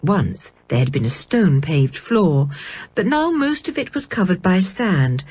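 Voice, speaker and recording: A woman reading a children's storybook aloud in a measured, expressive way. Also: on the low side, slightly rough, dry recording. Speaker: audiobook reader. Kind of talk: storybook narration.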